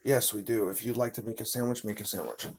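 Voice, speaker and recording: A man's voice: fairly low pitch, fairly even intonation, fast talker, heavy background noise. A man chatting casually on a livestream from his apartment, rambling with lots of "you know". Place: apartment indoors.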